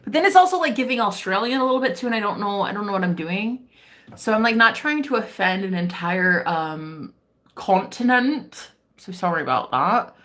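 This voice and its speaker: A woman's voice: mid-range voice, expressive, moderate pace, a bit bright. American girl faking an english accent, jokey rambling chat, voice jumps all over. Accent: put-on English accent. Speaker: livestream host. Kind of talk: casual chat.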